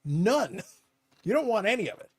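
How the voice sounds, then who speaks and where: A man hosting a casual live-stream chat about cards, joking, with animated mock-outraged asides. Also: high voice, moderate pace, breathy edge. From Canada. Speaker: podcast host.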